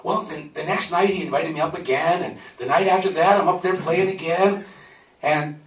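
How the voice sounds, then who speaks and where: A man's voice: fairly high pitch, normal speed, slight background noise. A man telling a personal story to a live audience in a conversational, laughing manner. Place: live event venue. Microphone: camcorder from a distance. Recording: roomy, from far off.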